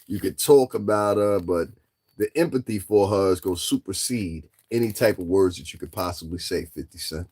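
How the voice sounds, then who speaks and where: A man's voice: deep voice, normal speed, darkish tone, slightly rough. A man giving casual commentary as a vlogger, talking straight to his listeners and firing off taunting rhetorical questions. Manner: addresses listeners directly.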